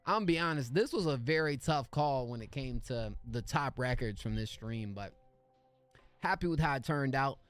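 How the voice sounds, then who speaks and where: A man's voice: mid-range voice, expressive, normal speed, a bit bright, clear, resonant tone. A man hosting a music feedback livestream, greeting chat in upbeat, slangy casual talk. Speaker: music review livestream host.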